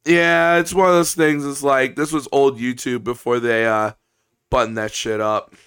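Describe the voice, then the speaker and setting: Smooth-voiced blunt male co-host. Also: mid-range voice, level tone, moderate pace, fairly bright tone. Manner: blunt, laughing, joking. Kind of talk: casual podcast chat.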